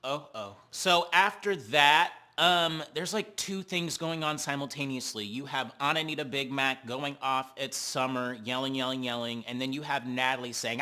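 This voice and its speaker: A man hosting a reality TV recap, talking in a sassy, animated, slangy way. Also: medium pitch, moderate pace, few pauses. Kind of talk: casual commentary.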